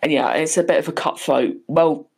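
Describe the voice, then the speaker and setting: A young woman in casual chat, retelling a film with lively quoted voices and frequent laughter. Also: low voice, brisk, vocal fry, husky.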